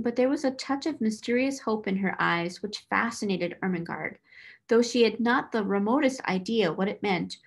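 A woman reading a children's novel aloud in an even, measured narration. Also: mid-range voice, creaky. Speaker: reader.

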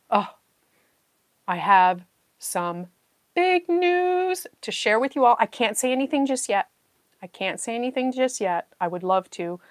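A medium-pitched New Zealand woman hosts her puzzle channel's casual live stream, talking herself through the search and laughing frequently, with no room sound in the recording.

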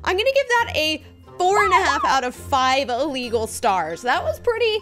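A woman's voice: high-pitched, sing-song, normal speed. A woman hosting a reaction video, exclaiming, gasping and giving ratings as she reacts to clips. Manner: exclamatory, gasping, easily moved. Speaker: video host. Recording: loud clip music playing under the voice.

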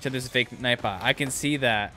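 A man streaming a video game, reacting excitedly to the action and chatting casually with his viewers. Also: mid-range voice, unhurried, faint music behind. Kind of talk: casual livestream commentary.

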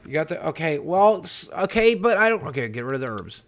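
A man's voice: on the high side, big pitch swings, brisk, a bit bright. A young man hosting a horror game playthrough, jumpy and panicky, swearing and repeating himself over and over. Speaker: gaming video host. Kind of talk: let's play commentary.

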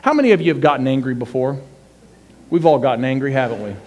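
A man's voice: medium pitch, lively intonation, quick pace, a little mellow, a little hiss or hum. A male pastor giving a sermon in a church, earnest and conversational with frequent fillers.

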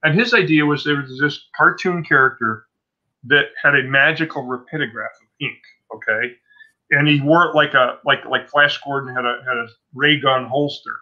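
A man's voice: medium pitch, normal speed, bright, forceful tone. A man in his sixties, a comic book artist being interviewed, telling stories in a rambling, self-interrupting way. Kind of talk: casual interview storytelling. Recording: dull lo-fi sound.

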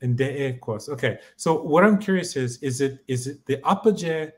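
A man of ordinary pitch talks through a lesson as the learner. He stops and restarts often, guesses meanings out loud, and keeps asking for phrases again. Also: animated. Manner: halting, guesses aloud and asks to repeat. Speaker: co-host and learner. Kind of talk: casual teaching chat.

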